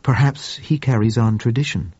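A man voicing a gentle, furry male Martian with a soft, sibilant, formal way of speaking, in an audiobook reading. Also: mid-range voice, breathy edge, dry recording, muffled recording, close to an everyday voice. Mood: calm. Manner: measured, formal speech.

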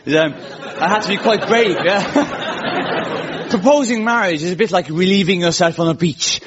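A man hosting a stand-up comedy radio show before a studio audience, with a quick, wry delivery and frequent laughs. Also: high-pitched, a crowd in the background. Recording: lo-fi radio recording with loud audience and noise.

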